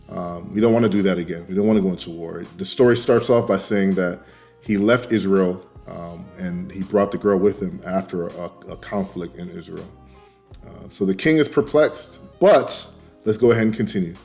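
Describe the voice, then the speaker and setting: Casual lower-voiced man reading scripture. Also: normal speed, a little mellow. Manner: reads passages aloud, then paraphrases them in loose slang with many fillers. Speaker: bible study host. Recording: faint music underneath.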